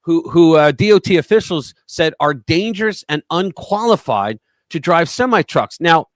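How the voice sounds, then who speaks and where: A man hosting a conservative news livestream, giving opinionated commentary in an animated, mocking way and telling anecdotes. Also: on the high side, normal speed, no room sound, clean studio sound.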